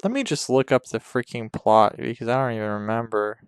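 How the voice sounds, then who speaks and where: A man hosting a podcast, rambling crudely and deadpan through an improvised comedy monologue over a game. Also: mid-range voice, a little fast, smooth, no echo, clean studio sound. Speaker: podcast host.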